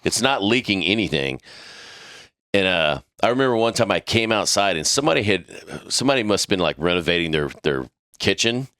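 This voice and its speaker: A man telling a crude, animated story in a casual podcast chat. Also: on the low side, fast, few pauses, no room sound, clean studio sound. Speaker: podcast crew member.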